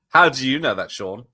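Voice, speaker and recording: A man's voice: medium pitch, pushed and bright. A man streaming a watch party, chatting casually, laughing often and replying to viewers. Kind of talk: casual live commentary.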